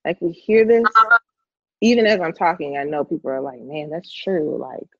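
Casting: woman podcast co-host, animated, dry close sound, a bit muffled. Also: sits low, moderate pace, breathy edge, no room sound. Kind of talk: casual faith talk.

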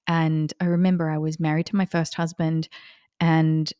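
A woman in her forties from Australia, hosting a reflective spiritual podcast in an unhurried way, often laughing as she talks. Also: low voice, flat delivery, mellow, clear, resonant tone, no echo, clean studio sound. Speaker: podcast host.

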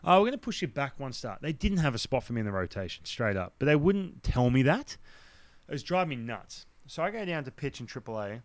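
Animated Australian man telling a story. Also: mid-range voice, brisk, no room sound. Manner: animated, acts out the dialogue of others; blunt, swears now and then. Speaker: podcast guest, former baseball pitcher. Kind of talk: casual storytelling.

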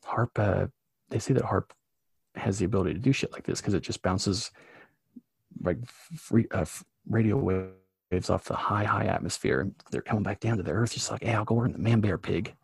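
Gravelly, husky-voiced man, casual and profane. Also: fairly low pitch, normal speed, no echo. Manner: profane, animated storytelling. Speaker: podcast co-host. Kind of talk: casual podcast chat.

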